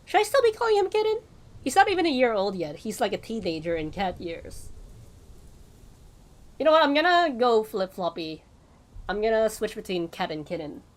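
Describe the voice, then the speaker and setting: Streamer, female, mid-pitched voice, casual rambling chat to viewers during a game stream. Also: very animated, moderate pace, long pauses. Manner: rambling, tangent-prone, frequent laughs. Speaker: VTuber streamer.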